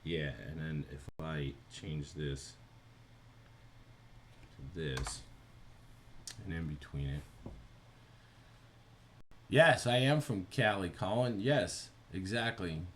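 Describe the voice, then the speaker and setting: A man's voice: deep voice, slow, long pauses, slight background noise. A man with a New Jersey accent, chatting casually on a live stream while he animates, thinking aloud and answering viewers.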